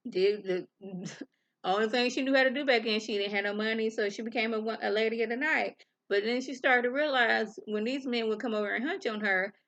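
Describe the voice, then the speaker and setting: A woman's voice: a little high, a bit bright, dull audio. A woman with a Southern US accent casually recapping a TV episode in a chatty, slangy storytelling way. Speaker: TV review vlogger.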